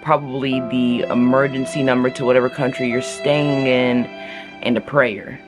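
A woman's voice: rumbling low, flat delivery, normal speed, over music. A young woman from the United States, talking casually to camera in a travel vlog with crude, sarcastic jokes, recorded close up indoors at a friend's home. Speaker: vlogger.

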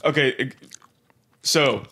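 A young man co-hosting a podcast, rambling quickly with many restarts in casual chat. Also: medium pitch, pushed and bright. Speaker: podcast co-host.

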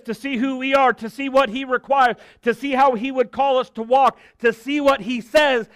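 A man's voice: extremely high pitch, a bit bright, no room sound. A man preaching an expository sermon, earnest and direct, reading scripture and adding joking asides.

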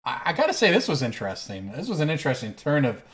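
A man's voice: fairly high pitch, fast. A man hosting a card game stream, telling a long anecdote between moves, rambling and correcting himself as he goes. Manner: rambling, self-correcting, animated storyteller. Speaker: host playing online card game. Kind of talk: casual storytelling while playing.

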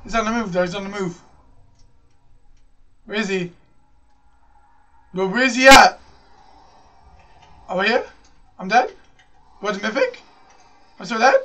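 A man calls out live gameplay in a high, bright voice, jumping from one excited thought to the next. He repeats lines over and over and throws "bro" into nearly every sentence. His voice sounds a little distant from the microphone. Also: unhurried, long pauses. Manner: excitable, repeats phrases, says "bro" constantly. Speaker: gaming channel host.

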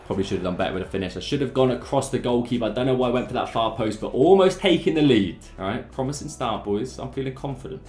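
Hyped young lad commentating gameplay. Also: male voice, medium pitch, quick pace, few pauses, roomy sound, faint music behind. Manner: excitable, chatty, keeps addressing the lads. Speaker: gaming YouTuber.

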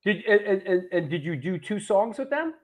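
High-voiced stammering male host. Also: big pitch swings, moderate pace. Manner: stammering, repeats words before questions. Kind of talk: casual interview questions.

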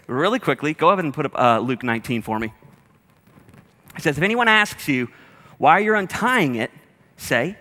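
A man's voice: mid-range voice, sing-song, moderate pace, bright, forceful tone, in a large hall. A man preaching a sermon as a pastor, talking in a humorous, conversational way straight to his congregation. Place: church auditorium with a congregation.

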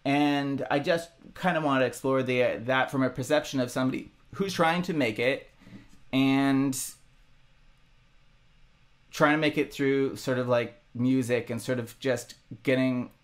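A man musician talking casually about his own songs, halting and rambling with many restarts. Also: medium pitch, steady tone. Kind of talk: casual reflective monologue.

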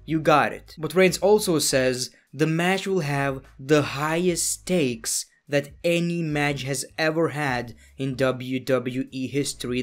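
Excitable man recapping wrestling, higher voice. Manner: excitable, jokey, sarcastic asides. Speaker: wrestling reviewer. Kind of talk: casual show recap. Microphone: voice-over, no camera.

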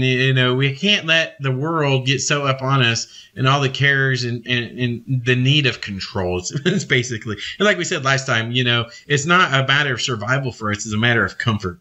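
Bright, earnest male preacher. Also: mid-range voice, highs cut off. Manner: earnest, animated, rambling with many fillers. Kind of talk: informal devotional teaching.

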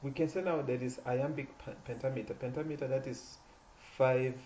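Halting man teaching a poetry lesson. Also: fairly even intonation, dark tone, slight background noise, rough recording. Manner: halting, repeats and restarts words, stresses words with rising pitch. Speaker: literature teacher.

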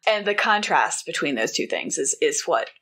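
A woman co-hosting a podcast in casual chat, telling a story with wry, animated asides. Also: deep voice, normal speed. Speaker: podcast co-host.

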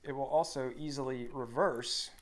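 A man in his thirties co-hosts a live stream, reading viewer comments aloud in an upbeat, joking way and humming as he scrolls. His voice is medium-pitched with fairly even intonation, and he speaks at a moderate pace.

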